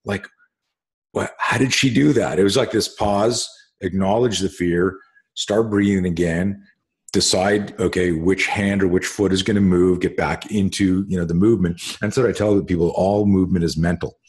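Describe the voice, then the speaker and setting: A man's voice: low-pitched, fairly even intonation, normal speed, darkish tone, slightly rough. A middle-aged man hosting a casual conversation, telling rambling stories full of fillers and restarts and swearing casually. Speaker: host.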